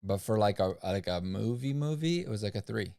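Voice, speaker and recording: A man's voice: fairly low pitch, lively intonation, fairly quick, creaky, mellow. A man co-hosting a casual livestream, chatting and teasing his partner in laid-back banter. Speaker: livestream co-host. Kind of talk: casual chat.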